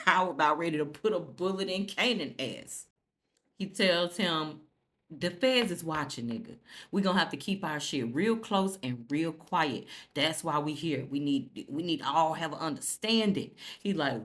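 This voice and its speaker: A woman's voice: low-pitched, normal speed. Woman animatedly recapping a TV episode. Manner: animated storytelling, acts out characters' lines, swears freely. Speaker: TV recap host.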